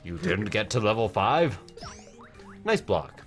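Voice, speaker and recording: A man's voice: fairly low pitch, very animated, takes it slowly, fairly bright tone, faint music behind. A man from France riffing and laughing while commenting on a video game with a friend. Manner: joking, giggly, riffing on quotes. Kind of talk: let's play commentary.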